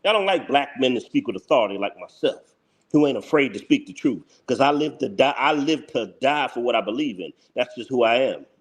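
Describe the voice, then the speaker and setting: A man's voice: medium pitch, expressive, fairly quick. A man hosting his own channel, giving blunt, heated live reaction commentary that repeats its points and breaks into laughter. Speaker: channel host.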